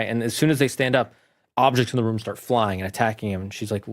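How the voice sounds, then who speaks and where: A man reviewing a movie, casually retelling its plot in a rambling, animated way. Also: fairly low pitch, fast.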